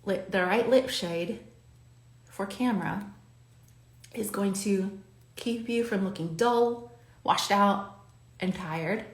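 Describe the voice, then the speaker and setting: Doing her own makeup on camera, a woman hosts a tutorial, chatting with and coaching the viewer. She speaks slowly at a medium pitch with frequent pauses, and the sound is reverberant.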